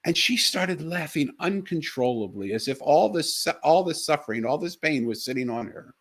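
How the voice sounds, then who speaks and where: A middle-aged man co-hosting a talk show, telling a personal story in an earnest, animated way with frequent restarts. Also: medium pitch, a little fast. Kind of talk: casual chat, storytelling.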